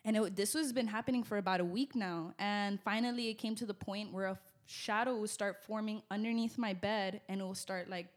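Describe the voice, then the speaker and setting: A young woman telling a personal story in casual, animated speech with many fillers, on a close podcast mic. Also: mid-range voice, fairly quick, hardly any pauses. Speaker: guest. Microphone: podcast mic close to mouth.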